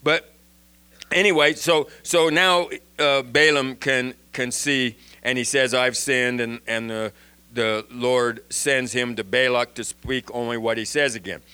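A man giving an informal Bible lesson in an animated way, often restarting and repeating words. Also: medium pitch, a little slow, clear, resonant tone. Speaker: Bible teacher.

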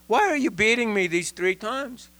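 A man's voice: high-pitched, lively intonation, normal speed, pushed and bright, voice pushed up. A man voicing a loyal female donkey who plaintively questions her master during a Bible lesson.

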